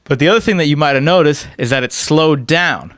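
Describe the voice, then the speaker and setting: Man teaching software with a smooth voice. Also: on the high side, fairly quick, no echo, clean studio sound. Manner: explanatory, often asks "right?". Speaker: music production instructor. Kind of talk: screen-recorded software tutorial.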